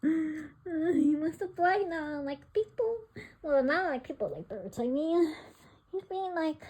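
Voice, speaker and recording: A woman's voice: high voice, lively intonation, slow pace, a little mellow. A woman vlogging with her pet bird, giggling and coaxing it in playful baby talk. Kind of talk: casual vlog chatter to her pet and viewers.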